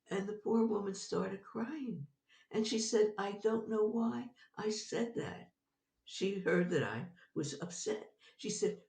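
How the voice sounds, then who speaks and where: A woman guest, older, telling a personal story in an animated way, laughing often as she talks. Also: medium pitch, measured pace, gravelly, recorded from a distance. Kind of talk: storytelling in an interview. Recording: roomy sound from off-mic.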